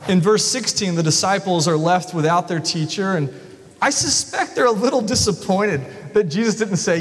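A male pastor preaching a sermon in a church, telling the story in an animated way. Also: sits high, moderate pace. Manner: storytelling, animated, acts out voices. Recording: long reverb of a large hall.

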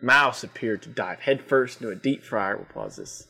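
A man's voice: medium pitch, huge pitch swings, normal speed, vocal fry, sharp tone, husky. Incredulous laughing male podcast host. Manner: laughing, incredulous, swears freely. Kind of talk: casual chat reacting to online posts.

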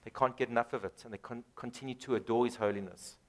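A man's voice: mid-range voice, steady tone, quick pace. A man preaching a sermon, emphatic, rising and dropping dramatically and repeating words for emphasis. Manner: emphatic, rises and drops dramatically.

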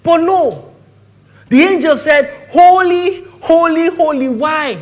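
A man with a Nigerian English accent preaching a sermon, swinging from loud declarations to hushed asides and asking the congregation rhetorical questions. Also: very high-pitched, slow.

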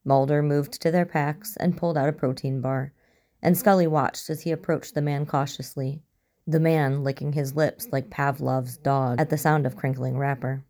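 A woman reading a story aloud as narrator, in a steady, even storytelling manner. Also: deep voice, normal speed. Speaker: story reader. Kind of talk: audiobook narration of fan fiction.

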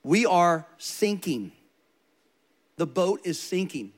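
A man preaching in a storytelling manner, stressing his points by repeating them. His voice sits somewhat high for a man. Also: expressive, slow pace. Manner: storytelling, emphatic repetition. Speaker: pastor. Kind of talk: sermon.

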